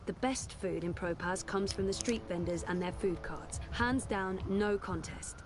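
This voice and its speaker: A woman's voice: medium pitch, measured pace, background noise, close to an everyday voice. A woman voicing a young video game heroine who talks in a dry, offhand, curious way. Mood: wry. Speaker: game protagonist. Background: game music.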